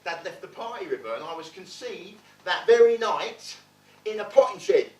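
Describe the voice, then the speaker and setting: A man performing a stage monologue, playing a streetwise man telling his rough childhood with blunt, swearing wit. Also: high voice, lively intonation, normal speed, a little mellow. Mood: wry. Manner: wry, blunt, swearing storyteller. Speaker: stage actor in a one-man play. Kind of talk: theatrical monologue storytelling. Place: theatre stage. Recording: roomy theatre, distant mic.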